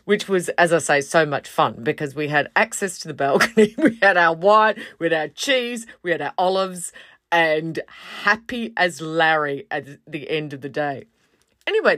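A woman tells a story in a chatty, lively way. She talks in a fairly low voice and slips into other voices for quotes. The recording is dry and close-miked. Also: no room sound. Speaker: podcast host. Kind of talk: casual storytelling.

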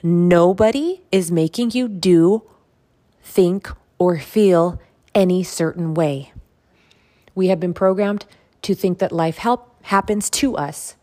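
A woman's voice: mid-range voice, a little slow, dark tone. A woman hosting a motivational self-help podcast, speaking earnestly and repeating phrases for emphasis. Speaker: podcast host.

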